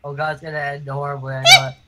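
A woman's voice: deep voice, level tone, very fast, heavy background noise. A young woman joking with friends during a game session, dramatic and playful. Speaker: player in a group stream. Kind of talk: joking banter over a voice chat.

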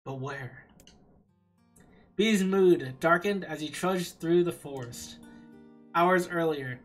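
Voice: medium pitch, slow, soft background music, poor audio. A streamer reading a visual novel aloud on a live stream, with playful, self-mocking asides.

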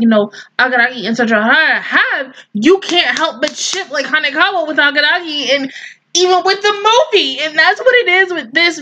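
A woman with a bright, high-leaning voice reacts to anime episodes in casual commentary. She rambles and gushes, swearing freely as her feelings spill out. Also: poor audio.

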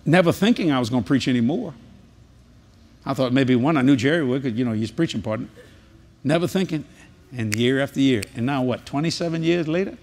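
An older man preaches a sermon with storytelling and prayer in a large convention hall. He is a folksy, animated, drawling storyteller, speaking briskly at medium pitch.

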